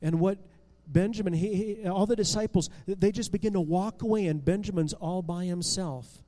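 A man telling a Bible story dramatically, expressive and full of restarts and swings in loudness. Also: sits high, normal speed, in a large hall, poor audio.

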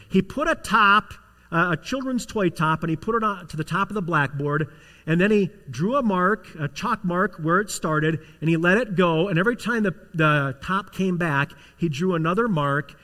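This pastor has a high-pitched voice with a sharp tone, and he builds intensity as he tells a story in his sermon, acting out the voices of its characters. The recording carries a long hall reverb.

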